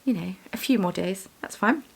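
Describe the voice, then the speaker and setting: Chatty woman with a gravelly edge. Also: mid-range voice, normal speed. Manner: rambling, self-deprecating, chatty. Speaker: vlogger, yarn dyer and shop owner. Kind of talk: casual chat while bead weaving.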